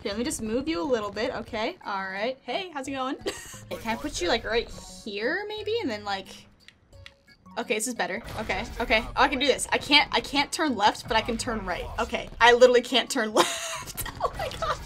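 A woman's voice: fairly high pitch, expressive, brisk, fairly bright tone, soft background music. A young woman chatting and giggling through a video game, talking sweetly to her pet snake. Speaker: gaming YouTuber. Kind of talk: casual gameplay commentary.

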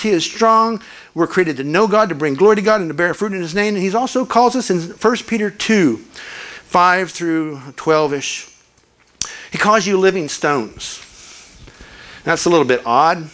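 Delivering a sermon as a guest preacher, an older man speaks in a voice that's high for a man. His storytelling is earnest, and he brings quoted people to life with animated voices.

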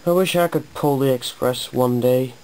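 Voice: medium pitch, normal speed, very noisy, natural voice. A narrator voicing an old, kind but proud male tank engine who grumbles about being disrespected. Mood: earnest. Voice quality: grumbling, resentful. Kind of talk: amateur storybook voice acting.

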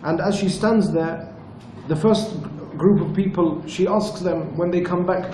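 A man giving a religious lesson at a retreat, telling stories in an earnest, measured way. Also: sits high, warm tone, a little hiss or hum. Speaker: religious teacher. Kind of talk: storytelling lecture. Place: retreat lecture room. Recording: echoey room with faint ambience.

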